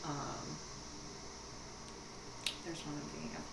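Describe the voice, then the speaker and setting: Low-voiced young woman chatting. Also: takes it slowly, gravelly, recorded from a distance. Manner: relaxed, listing names with fillers. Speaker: guest comedian. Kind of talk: casual chat. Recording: echoey room with noise.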